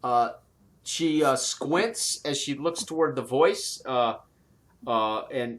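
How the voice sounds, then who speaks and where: Male game master, mid-range voice, halting narration full of fillers, tabletop session. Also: medium pitch, a bit bright. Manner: halting, many fillers and restarts while narrating.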